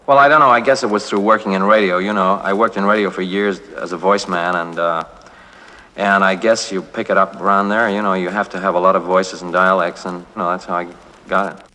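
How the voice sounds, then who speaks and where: An actor in a 1960s radio interview, answering in a rambling, hesitant and playful way. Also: male voice, low voice, fairly even intonation, fairly quick, pushed and bright. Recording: 1960s radio, long reverb.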